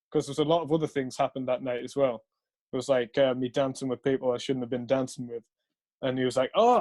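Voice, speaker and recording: A man's voice: medium pitch, mellow. A young man casually telling a rambling story, swearing often and laughing along. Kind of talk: casual chat.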